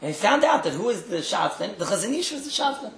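A man's voice: high-pitched, sing-song, fast talker, vocal fry, a bit bright, slight background noise. A man speaking as a rabbi, giving a religious talk as a wry storyteller who makes joking asides and repeats his phrases. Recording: roomy echo.

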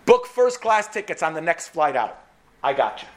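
A man voicing a sixty-five-year-old male doctor who talks in a raised, excited way. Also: a little high, moderate pace, voice pushed up. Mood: emphatic.

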